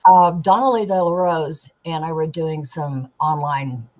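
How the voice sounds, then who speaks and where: A woman, a tarot deck artist, chatting as a guest and telling animated stories, acting out the people she quotes. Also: sits low, measured pace, rough recording. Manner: animated storyteller, giggly, acts out quoted voices. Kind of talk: casual storytelling chat.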